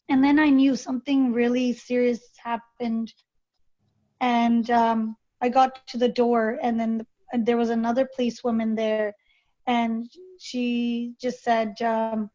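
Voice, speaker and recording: A woman guest telling a personal story in an interview, halting and hesitant with many fillers and restarts. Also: on the high side, level tone, a little mellow. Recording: dull lo-fi recording.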